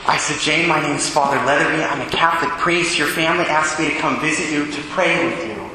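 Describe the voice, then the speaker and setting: A high, bright-voiced man preaches as a Catholic priest, telling a personal story in an animated way. He acts out his own thoughts and what others said. His voice rings through a big echoey hall with long reverb. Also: fairly quick, slight background noise. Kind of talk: storytelling homily.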